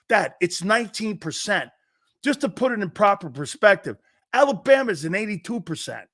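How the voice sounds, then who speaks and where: Sports talk host, middle-aged man: bright, high voice, animated storyteller who laughs a lot. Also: normal speed. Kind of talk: casual sports talk show.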